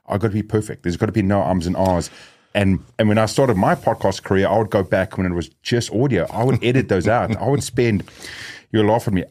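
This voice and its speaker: A middle-aged man hosting a podcast, with a very low, deep voice. He keeps it chatty and loose, thinking aloud with fillers and restarts along the way. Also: darkish tone. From South Africa. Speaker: podcast host. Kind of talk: casual podcast conversation.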